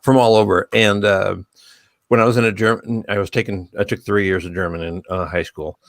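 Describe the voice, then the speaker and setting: A man on a live video panel, relaxed and self-mocking as he recounts a story. His voice is low-pitched and gravelly with plenty of fry. The sound is close and dry. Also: a little fast, dry recording. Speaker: panel guest. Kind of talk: casual storytelling.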